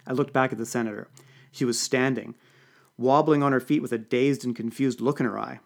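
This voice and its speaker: A man reads a comic first-person story aloud for a podcast, keeping his delivery dry and deadpan. His pitch sits in an ordinary middle range. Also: fairly quick, creaky. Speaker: audiobook podcast reader.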